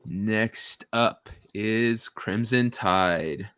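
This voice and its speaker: A man's voice: fairly low pitch, very slow, a bit bright, clean tone. A man hosting a casual panel, tallying the votes and joking with the others. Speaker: host, moderator.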